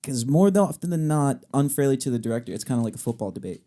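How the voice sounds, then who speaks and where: A young man co-hosting a podcast in casual chat, an animated, jokey talker. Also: medium pitch, fast talker. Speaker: podcast co-host.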